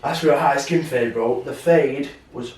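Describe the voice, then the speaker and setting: Picked up by a distant mic in a roomy space, this young podcast co-host speaks at normal speed with a medium-pitched voice. He chats casually, swearing and using slang as he tells animated stories.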